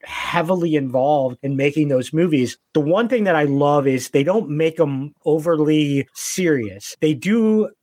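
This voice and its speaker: Eager, slightly high-voiced man chatting. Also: lively intonation, unhurried, hardly any pauses, a little mellow, no echo, clean studio sound. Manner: enthusiastic, rambling storyteller with many fillers. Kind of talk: casual chat.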